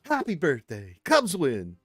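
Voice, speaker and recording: A man's voice: fairly high pitch, wildly swooping pitch, unhurried, breathy edge, no room sound, studio quality, faint music behind. A man hosting a casual gaming livestream, reading viewer messages aloud with playful asides and the odd pirate voice. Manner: drops into a growly pirate voice. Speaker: livestream host.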